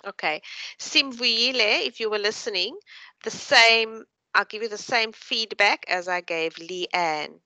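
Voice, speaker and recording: A woman's voice: fairly high pitch, bright, forceful tone, no echo, low-quality recording. A woman tutor giving patient, encouraging feedback to students in an online class. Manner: encouraging, patient, explains slowly. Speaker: university tutor.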